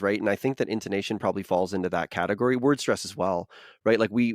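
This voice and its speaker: A man's voice: lowish voice, no echo, clean studio sound. A man hosting a podcast interview, reflective and hedging, asking a long question. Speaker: podcast host.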